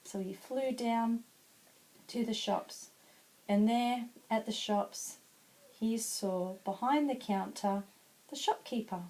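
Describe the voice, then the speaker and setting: A woman narrating a children's story she makes up as she goes, in a halting way. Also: a little high, mellow, poor audio.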